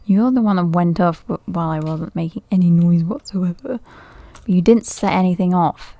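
A woman's voice: on the low side, normal speed, vocal fry, no room sound, muffled recording. A woman giving casual let's-play commentary, thinking aloud nervously, often laughing and dropping to a whisper. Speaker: gaming video creator.

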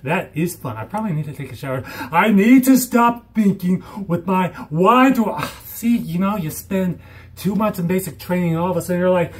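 A young man talking in a hyper, giddy vlog at home, rambling and bursting into loud silly exclamations. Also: high-pitched, lively intonation, normal speed. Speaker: vlogger.

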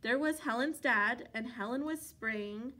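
A woman from a library reading a children's picture book aloud, expressive and playful, with funny sound effects. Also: fairly high pitch, unhurried. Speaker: library storyteller.

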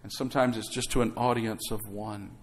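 A man's voice: lowish voice, steady tone, a little fast. A middle-aged man preaching a sermon as pastor, exhorting the congregation to say amen and throwing in conversational asides and rhetorical questions.

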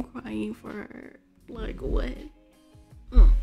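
Gravelly-voiced woman narrating her gameplay. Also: on the high side, level tone, takes it slowly, warm tone. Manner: chatty, talks to game characters, exclaims. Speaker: let's play host. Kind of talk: casual gameplay commentary. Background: faint background music.

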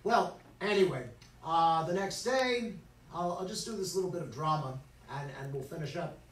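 A man's voice: on the high side, moderate pace, a bit bright. A man telling a story at a Shabbat service in a humorous sermon, full of playful asides to the congregation. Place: synagogue sanctuary. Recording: echoey hall, voice from far off, faint noise.

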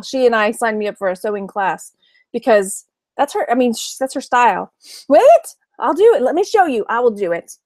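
A woman's voice: a little high, dry recording. A middle-aged woman from Texas, chatting casually to camera about her week and her reselling business, laughing often and imitating her mother. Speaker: online reseller vlogger.

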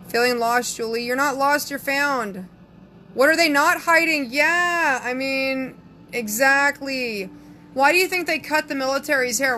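Southern woman psychic, brash and chatty, bright edgy tone, faint room hiss. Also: a little high. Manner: sassy, brash, reads viewer comments aloud. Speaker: psychic answering live chat. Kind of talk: casual live-stream chat.

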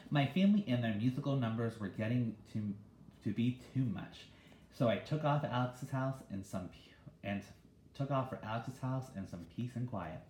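A man reading a children's novel aloud in a relaxed, conversational way. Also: mid-range voice, normal speed, slight background noise. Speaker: reader. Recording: echoey room.

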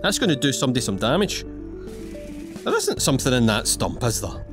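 A gaming YouTuber rattles off cheeky, rambling commentary in character as he plays a video game, with game music running in the background. His mid-range voice swings wildly in pitch, and he talks at a brisk clip.

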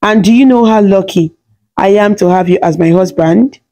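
A woman's voice: medium pitch, normal speed, mellow, close to an everyday voice. A woman voicing a cheerful, playful young village wife in a storybook tale. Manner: friendly, teasing.

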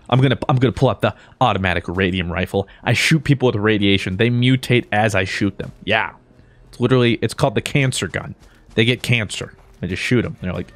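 A man doing let's play commentary, excitable and jokey, switching between mumbled asides and high-pitched yelps. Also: brisk, no echo. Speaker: gaming YouTuber.

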